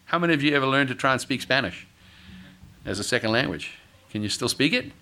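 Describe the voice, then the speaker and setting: A middle-aged male pastor preaching a sermon, acting out quoted voices and building to loud, forceful peaks. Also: medium pitch, expressive, quick pace. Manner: dramatic, acts out quoted voices, rises to shouting peaks.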